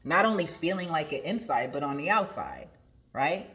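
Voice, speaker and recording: A woman's voice: low voice, sing-song, normal speed, fairly bright tone. A woman hosting a motivational talk as a spiritual coach, emphatic and preachy, repeating her key phrases.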